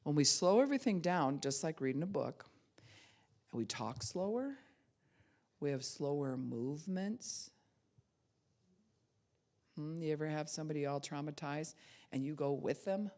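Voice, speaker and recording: Animated woman pastor, loud to soft. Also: low voice, unhurried, pauses often. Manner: animated, swings from loud to soft, acts out quoted voices. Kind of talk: conversational teaching sermon.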